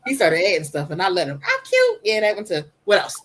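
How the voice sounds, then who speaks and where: A woman speaking candidly on a podcast about her own life, emphatic and animated, with a soft voice. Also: on the low side, fast, slight background noise, poor audio. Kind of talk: candid personal storytelling.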